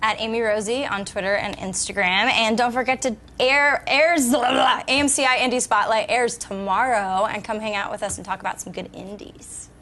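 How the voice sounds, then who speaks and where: A woman's voice: a little high, fairly even intonation, fairly quick, few pauses, pushed and bright. A woman who edits movie news, chatting casually as a panelist on a talk show. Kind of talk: casual chat.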